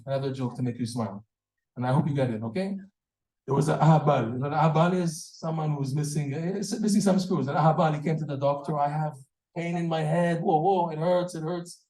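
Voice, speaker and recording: A man giving a lively Torah class, acting out stories and laughing at his own jokes. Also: fairly high pitch. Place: hall or synagogue with audience. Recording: echoey room.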